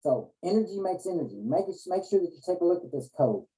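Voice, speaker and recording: Dark-voiced earnest male motivational speaker. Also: high-pitched, sing-song, fast, low-quality recording. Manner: earnest, repetitive with restarts. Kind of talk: motivational talk.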